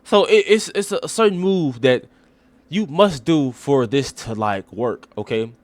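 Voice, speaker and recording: A man's voice: mid-range voice, animated, unhurried, no room sound. A man hosting a comic sports breakdown, rambling and profane in a mock-serious way. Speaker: host.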